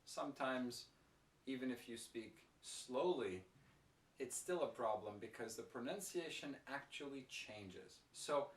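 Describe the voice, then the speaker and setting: A man teaching an English pronunciation lesson, speaking slowly and clearly with careful pronunciation. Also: mid-range voice, roomy sound, distant mic.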